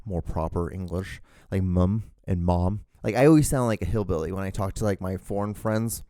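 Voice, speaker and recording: A man's voice: low voice, warm tone, dry recording, clean studio sound. A young man with a California drawl, hosting a podcast alone in a casual, rambling style full of fillers and restarts. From born outside the United States. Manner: rambling, filler-heavy, self-correcting. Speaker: podcast host. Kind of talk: casual solo podcast monologue.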